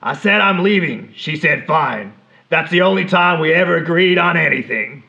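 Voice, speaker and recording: A man doing a put-on New Jersey accent as a brash, gruff man, with clipped, deadpan one-liners. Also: fairly high pitch, moderate pace, dull audio, pitched above the performer's own voice, exaggerated voice.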